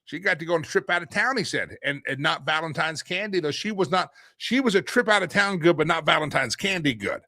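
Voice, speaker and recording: Middle-aged guy hosting a live talk show, bright voice, jokey and rambly, laughs a lot, dry sound. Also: fairly high pitch, animated, a little fast, few pauses, dry recording. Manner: joking, rambling, laughs often. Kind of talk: casual live-stream talk, reading viewer comments.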